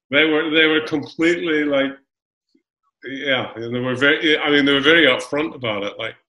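Scottish-born guy, middle-aged, bright voice, rambly storytelling with lots of "you know", echoey room. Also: on the high side, moderate pace. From Scotland. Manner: rambling, full of fillers and restarts, animated storytelling. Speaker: guest actor. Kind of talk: casual interview chat. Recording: roomy echo.

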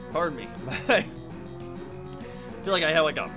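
A man hosting a game let's play, chatty and excitable, talking to viewers, his throat hoarse from coughing. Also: on the high side, takes it slowly, over music. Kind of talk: game commentary.

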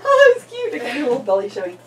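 A woman's voice: high-pitched, wildly swooping pitch, rapid-fire. A woman playing with a toddler in sing-song baby talk, coaxing and squealing calls. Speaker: family member playing with a toddler. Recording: distant, noisy home video.

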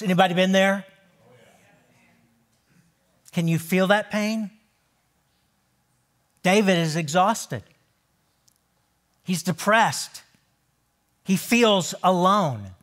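Man preaching in church, high voice, slow and drawn out, goes from loud to near whisper. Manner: dramatic swings from loud proclaiming to hushed near-whisper. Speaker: pastor. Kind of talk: sermon.

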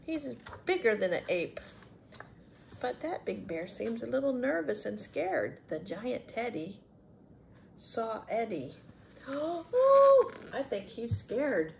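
A woman's voice: a little high, animated, takes it slowly, vocal fry, a little mellow, slight background noise. A woman reading a picture book aloud to children, stopping often to chat and ask the young listeners questions. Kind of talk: children's read-aloud with chatty commentary.

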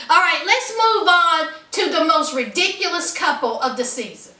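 Casting note: bright, lively woman, sassy TV recapper, recorded at a distance in an echoey room. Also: very high voice, normal speed, few pauses. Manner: sassy, animated storytelling with laughs. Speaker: reality TV reviewer. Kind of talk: casual commentary. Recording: roomy, distant from the mic.

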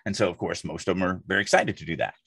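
A man's voice: low-pitched, rapid-fire, creaky, a bit bright, slightly rough, dry recording. A man co-hosting a podcast, chatting casually in an emphatic, rambling way full of asides. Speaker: podcast co-host. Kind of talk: casual chat.

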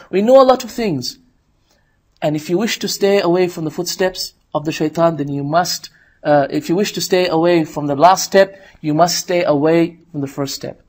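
A man preaching an Islamic lecture in an animated storytelling manner. He slips into voices for the people in his stories and often asks his listeners to agree with him. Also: high-pitched. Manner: animated storytelling, acts out the devil's coaxing in a raised voice.

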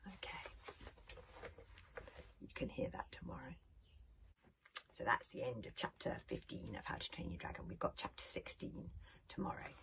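A British woman, a children's author, reading her storybook aloud in an expressive way that often drops to a whisper. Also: rumbling low, normal speed, vocal fry, pauses often. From United Kingdom.

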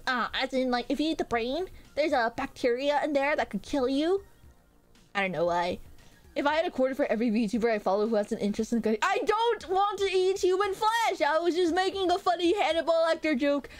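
A woman streaming as a VTuber, chatting casually with her chat in a rambling way full of hesitant fillers. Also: high voice. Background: faint background music.

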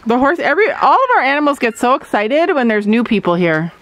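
Animated higher-voiced woman talking to kids outside on a farm, noisy background, laughs a lot. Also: a little fast. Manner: lively, playful, laughs often, explains things simply. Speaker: vlog host showing a farm to children. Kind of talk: casual chat with children. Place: outdoors on a farm among animals. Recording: outdoor farm recording with noise.

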